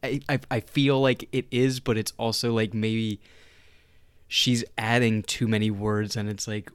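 A man's voice: on the low side, level tone, unhurried, clean tone, no room sound. A man co-hosting a casual film commentary, laid-back and joking. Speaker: podcast co-host.

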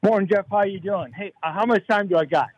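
A male caller on a radio phone-in who rambles on in long, earnest run-on stretches. His voice is a little high for a man, with a close, dry sound. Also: quick pace, no room sound, dull audio. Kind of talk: phone-in call to radio show.

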